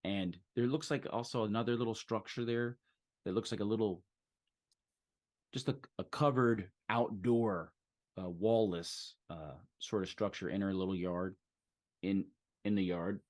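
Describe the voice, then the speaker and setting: A man as game master, describing a scene in a halting way with many fillers. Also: lowish voice, steady tone, darkish tone. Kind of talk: narrating a tabletop game.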